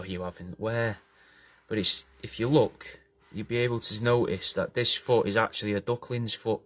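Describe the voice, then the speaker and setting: A man rambling casually to camera in a comedic monologue, full of restarts, swearing and "mate". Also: fairly low pitch. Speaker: comedy vlogger playing a taxidermist.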